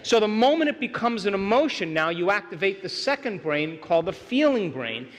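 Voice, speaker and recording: A man running a motivational seminar speaks briskly and very animatedly in a voice that sits high. He regularly checks that the live audience is keeping up, and the recording has a long hall reverb.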